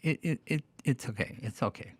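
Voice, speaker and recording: Older man, podcast guest, animated swooping delivery, dry close mic, casual anecdotes. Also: mid-range voice, brisk, slightly rough, no room sound. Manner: acts out the dialogue in lively voices. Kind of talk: casual storytelling.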